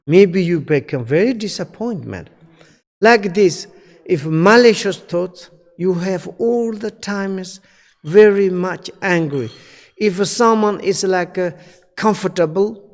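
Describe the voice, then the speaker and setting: Slow, earnest man teaching in halting English. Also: fairly high pitch, a little mellow, in a large hall. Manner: halting, non-native English full of fillers; earnest, pleading, repeats key points. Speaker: Buddhist teacher. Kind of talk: dharma teaching.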